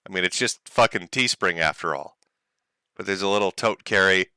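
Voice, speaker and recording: A man's voice: sits low, normal speed, sharp tone, clean tone, no echo. A man hosting a livestream, talking to his chat with sarcastic, mocking commentary and frequent laughs. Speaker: streamer host.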